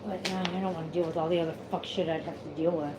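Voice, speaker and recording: A woman's voice: fairly low pitch, fairly even intonation, fast talker. Chatty woman venting at home, noisy background. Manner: chatty, swearing, venting, doing chores while talking. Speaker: vlogger. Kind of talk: casual rambling monologue. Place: at home, sweeping.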